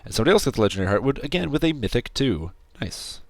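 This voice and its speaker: A man with a sore, scratchy throat giving casual, rambling commentary while he plays a game, with sudden excited outbursts. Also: medium pitch, racing, dry recording. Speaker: game streamer.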